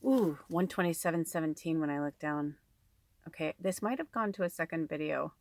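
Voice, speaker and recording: A woman's voice: deep voice, fairly quick, slight background noise. A woman giving a casual spiritual card reading in a rambling, chatty way, full of fillers, recorded at home on a farm. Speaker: tarot and oracle card reader.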